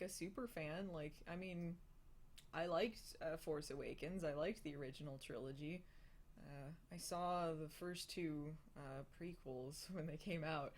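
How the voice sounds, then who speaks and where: A young adult woman hosting a casual live stream, answering viewer questions with frequent laughs, fillers and restarts. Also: lowish voice. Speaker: host of a live hangout.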